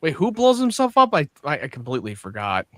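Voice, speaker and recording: A man co-hosting a podcast in casual chat, chiming in with quick reactive remarks. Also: fairly high pitch, wildly swooping pitch, bright, forceful tone, no room sound, studio quality. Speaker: podcast co-host.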